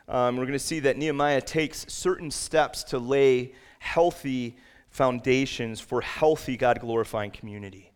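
A man preaching a sermon to his congregation, rising to loud, emphatic peaks when he reads scripture and quotes. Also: medium pitch, a little slow, smooth. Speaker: pastor. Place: church sanctuary.

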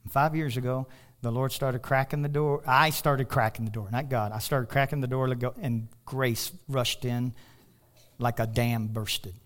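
A man preaching a sermon as pastor, passionate, climbing into loud, high bursts and then dropping to soft, low asides. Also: a little slow. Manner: animated storytelling with laughter.

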